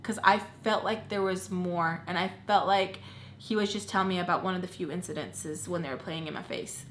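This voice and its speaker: A young woman vlogger telling a personal story in casual chat, animated and full of filler words. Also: on the low side, fairly quick, slight background noise. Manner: chatty, animated, lots of "like" fillers. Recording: roomy echo.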